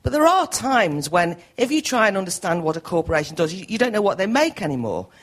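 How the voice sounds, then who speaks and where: A woman's voice: medium pitch, very animated, quick pace. A woman in the audience questioning a panel, forthright and argumentative, laughing between points. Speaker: audience member asking a question. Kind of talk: question from the floor.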